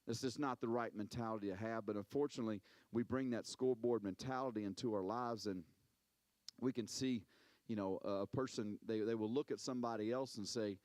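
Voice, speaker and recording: A man preaching a sermon as a pastor, telling stories in an animated way, repeating words and acting out quotes. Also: fairly low pitch, a little fast, no room sound.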